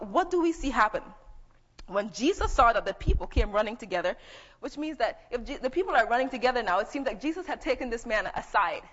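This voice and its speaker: A woman's voice: on the high side, fairly bright tone. A woman preaching a sermon, teaching conversationally and reading scripture aloud. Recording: dull echoey hall.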